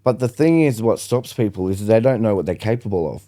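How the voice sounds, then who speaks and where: A man's voice: lowish voice, lively intonation, brisk, warm tone. A young man, a podcast guest, telling his story bluntly and with lots of swearing in casual chat.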